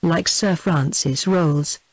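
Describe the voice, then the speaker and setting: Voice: medium pitch, slow pace, no room sound, low-quality recording. A narrator reading the lines of a hesitant, ill-at-ease lawyer in an audiobook, dry and close. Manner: hesitant, guarded. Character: hesitant, uneasy older male lawyer.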